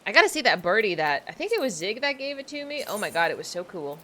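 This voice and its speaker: Young woman, casual stream chat, animated pitch, bright tone, faint noise behind. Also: quick pace. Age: young adult. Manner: chatty, rambling, self-deprecating. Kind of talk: casual livestream chat while playing.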